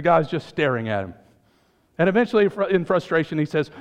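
Animated male pastor preaching in a hall. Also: a little high, fairly quick, dull audio. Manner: animated, rising to emphatic peaks and dropping to hushed lines. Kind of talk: sermon.

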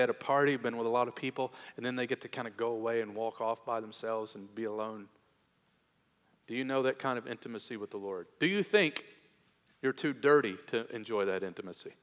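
Earnest preacher in a reverberant hall. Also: male voice, mid-range voice. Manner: earnest, swinging between hushed tender and raised emphatic. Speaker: pastor. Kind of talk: sermon.

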